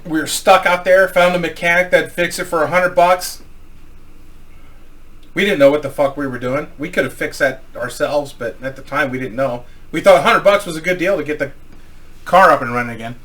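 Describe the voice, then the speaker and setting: A man's voice: a little high, fairly quick, fairly bright tone. A man from Missouri telling a rambling, profanity-filled anecdote in a casual style. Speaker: storyteller.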